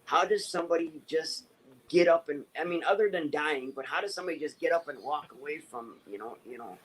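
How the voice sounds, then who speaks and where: A man's voice: on the high side, fairly quick, crowd noise, low-quality recording. A man chatting casually in a group, rambling with many fillers and restarts. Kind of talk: casual chat.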